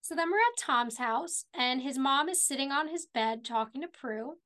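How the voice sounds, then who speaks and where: A woman's voice: high voice, lively intonation, normal speed, sharp tone. A woman co-hosting a podcast, casually retelling TV scenes step by step. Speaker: podcast co-host. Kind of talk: casual recap chat.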